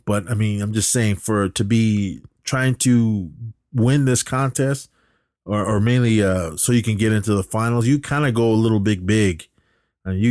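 A man's voice: on the low side, darkish tone, no echo, clean studio sound. A man hosting a podcast, recapping a movie in a rambling, filler-heavy way. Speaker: podcast host.

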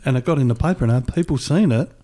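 A man's voice: mid-range voice, racing, warm tone. A man in casual chat, rambling through a story and laughing often. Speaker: podcast co-host.

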